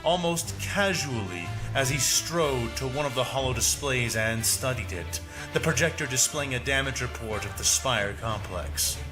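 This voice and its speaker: A man reading a scripted story in a measured, dramatic narration. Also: mid-range voice. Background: music.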